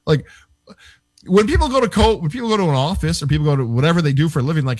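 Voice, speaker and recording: Middle-aged ex-player guy chatting on a sports show, bit high pitched, lively. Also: quick pace, no room sound, studio quality. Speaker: sports show co-host, former pro athlete. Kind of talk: casual sports talk.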